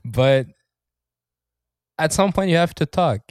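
A man's voice: fairly high pitch, expressive, takes it slowly, no echo, clean studio sound. A man chatting casually as a podcast co-host, rambling, swearing often and laughing as he talks. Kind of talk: casual chat.

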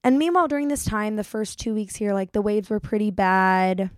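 A young woman tells a long story straight to her audience, chatty and animated, slipping into voices for the people in it. Her voice sits in an ordinary middle range. The sound is dry and close, with no room echo. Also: medium pitch, fairly quick. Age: young adult. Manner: chatty, animated, acts out quotes. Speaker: vlogger. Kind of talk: casual storytelling vlog.

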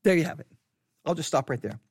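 A podcast host giving reflective news commentary in a low, subdued way. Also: animated, fast talker, breathy edge, no room sound, clean studio sound.

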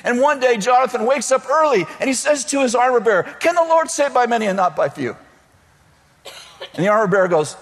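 A man's voice: very high voice, lively intonation, normal speed, long pauses, long reverb tail, slight background noise. A man preaching a sermon, telling comic stories and acting out the voices of the people in them. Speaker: pastor.

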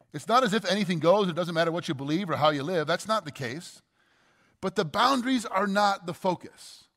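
A man's voice: high voice, fairly bright tone, long reverb tail. A man preaching a teaching sermon, explaining carefully, posing rhetorical questions and stressing key words. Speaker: pastor.

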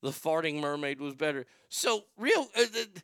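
Bright, crisp-voiced joking man. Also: fairly high pitch, sing-song, normal speed, no room sound, studio quality. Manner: profane, joking, riffing on the news. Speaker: podcast host. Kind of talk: casual comedy chat.

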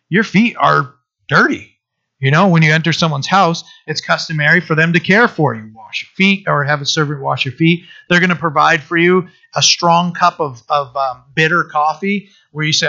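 A man preaching a conversational sermon to his church, reading scripture and explaining it with restarts and animated asides. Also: fairly high pitch. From Maine. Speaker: pastor. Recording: dull lo-fi sound.

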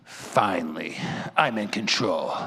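A man voicing a gloating, domineering parent in a low, mock-sinister tone. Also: animated, slow, gravelly, sharp tone, husky, full character voice.

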